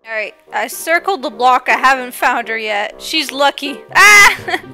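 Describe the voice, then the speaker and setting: A woman's voice: sits high, normal speed, pushed and bright, soft background music. A woman giving playful, teasing commentary while she plays a game, giggling often and reading other players' chat aloud in mocking voices. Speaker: gaming video creator.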